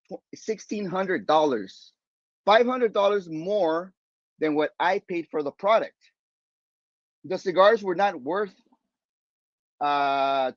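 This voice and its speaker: A man's voice: a little high, no room sound, highs cut off. Rambling man telling a story casually. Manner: rambling, animated retelling with many fillers and restarts. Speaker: podcast host.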